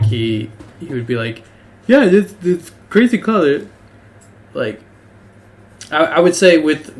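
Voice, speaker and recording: A man runs a tabletop game as game master. He talks slowly and hesitantly, with plenty of ums as he works out rulings. His pitch sits in the middle of a man's range. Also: slight background noise. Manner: hesitant, full of ums and rethinking.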